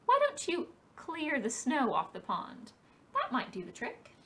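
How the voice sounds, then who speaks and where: A woman's voice: high-pitched, wildly swooping pitch, measured pace, very noisy, pitched above the performer's own voice, exaggerated voice. A woman doing a bossy little storybook critter. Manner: bossy, exclaiming. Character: small bossy female woodland animal, brisk and clever.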